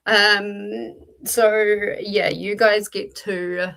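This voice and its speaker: A woman's voice: medium pitch, steady tone, takes it slowly, gravelly, a bit bright. A woman with a New Zealand accent hosting a casual livestream, chatty and talking straight to her viewers with frequent ums, in her early-morning voice. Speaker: livestream host leading reading sprints.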